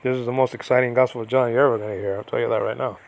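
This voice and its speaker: A man's voice: mid-range voice, steady tone, racing, creaky. A man teaching biblical Greek in a rambling, chatty livestream lesson from his self-built house, digressing often and filling gaps with ums and restarts. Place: self-built cement-block house during a typhoon.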